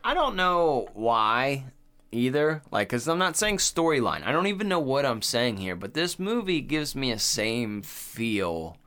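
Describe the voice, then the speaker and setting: A man's voice: mid-range voice, sing-song, measured pace, bright, forceful tone, smooth. A man co-hosting a casual horror movie podcast, laid-back and rambling, swearing often. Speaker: podcast co-host. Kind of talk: casual chat.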